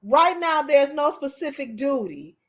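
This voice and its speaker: A high-voiced woman hosts a live commentary stream. She talks with fiery, emotional passion and breaks into shouts when she gets worked up. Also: expressive, measured pace. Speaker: livestream host.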